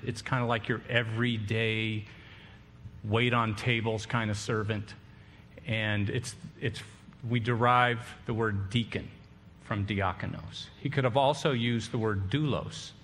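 A man preaches in a loose, conversational way, tossing questions out to the congregation. His voice is bright and forward, and it rings out with a long reverb tail, as if he is in a large church hall. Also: lowish voice, a little hiss or hum. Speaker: pastor. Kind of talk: sermon.

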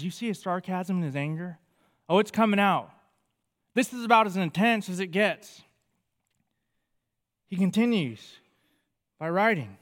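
Male pastor, high voice, animated scripture reading, long hall reverb. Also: normal speed. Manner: animated, reads scripture with feeling. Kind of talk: sermon.

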